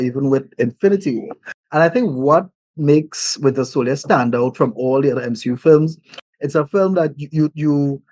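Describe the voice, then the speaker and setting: A man's voice: mid-range voice, a little mellow, dry recording, rough recording. Upbeat film reviewer man, dry sound. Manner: enthusiastic, quotes his own reactions. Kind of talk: casual film review chat.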